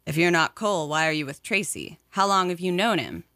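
A woman's voice: fairly low pitch, lively intonation, brisk, sharp tone, dry recording, clean studio sound. A woman reading aloud, voicing a suspicious, deprecating male sheriff.

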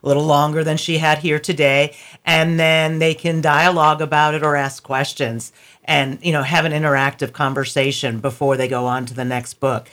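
A man's voice: a little high, level tone, moderate pace, fairly bright tone. A man casually explaining how a discussion program will work. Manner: casual, with fillers. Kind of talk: explaining a format.

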